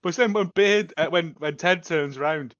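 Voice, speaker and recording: A bright, forceful man chats casually on a review podcast, laughing often and jumping up into excited bursts as he retells scenes. The sound is a little dull and lo-fi, and the room is dry. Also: on the high side, normal speed, no room sound. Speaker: podcast co-host.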